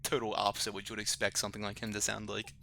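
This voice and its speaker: A man's voice: on the low side, completely flat delivery, very fast, gravelly, bright, forceful tone, slight background noise. A man running and narrating a tabletop game in a loose, chatty way. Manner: loose, chatty, many fillers. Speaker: game master.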